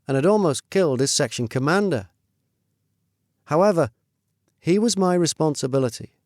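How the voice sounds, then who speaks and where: A middle-aged man reading his own memoir in a measured, steady storytelling voice. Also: medium pitch, dry recording, studio quality. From United Kingdom. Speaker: narrator. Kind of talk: first-person memoir narration.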